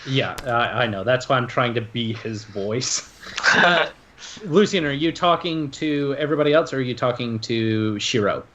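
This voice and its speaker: A man's voice: medium pitch, lively intonation, normal speed, fairly bright tone, highs cut off, slight background noise. A man narrating as game master in a tabletop game, hesitant with lots of fillers.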